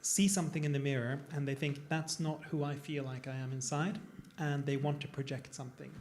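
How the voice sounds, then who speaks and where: A man's voice: on the high side, level tone, fairly quick, darkish tone, slight background noise. A man, a plastic surgeon, talking casually on a panel to a live audience, digressive and self-deprecating. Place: event room with an audience.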